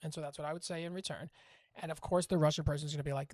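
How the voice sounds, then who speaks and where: A man casually explaining his language-learning method to camera, rambling and animated, often cutting himself off mid-word. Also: fairly high pitch, very fast, no echo, studio quality. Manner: rambling, animated, self-interrupting, often acts out dialogue.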